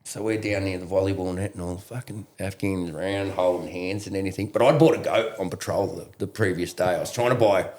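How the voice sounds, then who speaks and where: An Australian man, a veteran guest, telling a war story in a profane, laughing, animated way. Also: deep voice, a little fast, hardly any pauses, reverberant. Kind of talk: casual storytelling.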